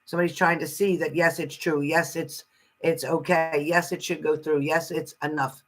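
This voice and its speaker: A woman's voice: low voice, flat delivery, normal speed, rough recording. A woman giving a casual live-stream tarot card reading, chatty and salty, greeting viewers fondly and swearing freely.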